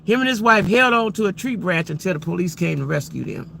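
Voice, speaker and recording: Brisk and gravelly, this man's high voice sounds pushed and bright, with lively intonation and a faint hiss or hum in the recording. He hosts a casual livestream, talking to chat emphatically and repeating himself. Rhetorical questions aimed straight at viewers come up again and again.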